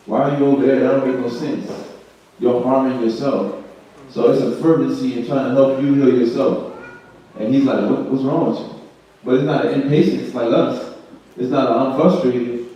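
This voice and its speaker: A man's voice: medium pitch, little pitch movement, moderate pace, warm tone, a little hiss or hum. A man leading a Bible study, explaining scripture in a casual, talky way full of rhetorical questions and repeats. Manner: conversational, repeats himself, asks rhetorical questions. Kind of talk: informal scripture teaching. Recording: echoey room, far from mic, muffled.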